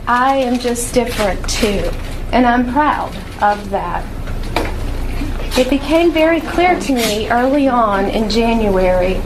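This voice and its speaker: A woman legislator speaking firmly and deliberately at a press conference. Her voice sits fairly high. Clear background noise from the room runs under her speech. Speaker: state legislator.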